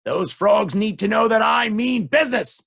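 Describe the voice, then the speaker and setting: A grumpy, pompous storybook king barks his orders loud and slow, as a storyteller acts him out. The voice has a lively, gravelly rasp. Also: high-pitched, pitched above the performer's own voice, heavily acted. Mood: bossy. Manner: loud and bossy.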